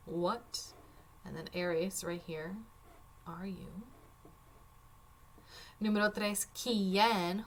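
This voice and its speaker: A woman teacher works through a Spanish worksheet on her screen in a screen-recorded walkthrough, casual and chatty with wry asides. Her voice is on the low side and steady, slow-paced with frequent pauses.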